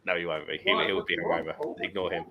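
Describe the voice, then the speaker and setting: A man's voice: low-pitched, level tone, quick pace, lo-fi sound, over a noisy crowd. Chatty man reading stream comments. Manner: reads viewer comments aloud and chats back. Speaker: livestream host. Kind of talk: casual live-stream chat.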